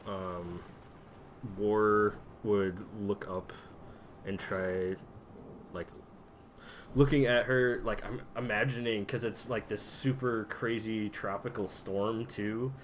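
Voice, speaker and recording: Casting: male player, low voice, unhurried and filler-heavy, faint noise. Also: steady tone. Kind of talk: describing character actions in a tabletop game.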